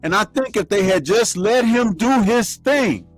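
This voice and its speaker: A man with a fairly high voice talks in an unhurried, drawn-out way, recounting movie scenes with relish. Faint music plays under the chat. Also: no room sound. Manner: animated retelling with laughs. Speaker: podcast co-host. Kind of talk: casual film chat.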